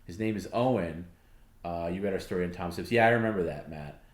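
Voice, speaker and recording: Man, casual livestream co-host, reads comments aloud, very deep voice, roomy echo. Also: a little fast. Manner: reads viewer comments aloud, loose and rambling. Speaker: stream co-host.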